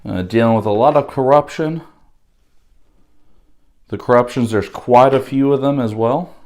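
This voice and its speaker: A man with a slightly hoarse voice gives a casual, halting unboxing walkthrough, pausing often with fillers. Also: medium pitch, a little mellow. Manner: unhurried, halting, with many pauses and fillers. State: slightly hoarse from losing his voice. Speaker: board game unboxing host.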